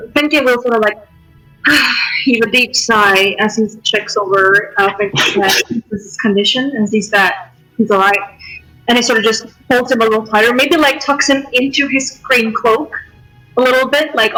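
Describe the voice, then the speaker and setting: A woman with a bright, fairly high voice describes her character's actions at the table, pausing over her words. Faint music plays underneath. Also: steady tone, poor audio. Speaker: player.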